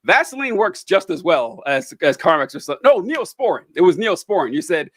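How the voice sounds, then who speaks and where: A man with a high voice hosts a loose, friendly chat, spinning animated anecdotes and laughing often along the way. His voice sits dry and close, with no room sound around it. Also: fairly quick, no echo. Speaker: host. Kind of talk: casual chat.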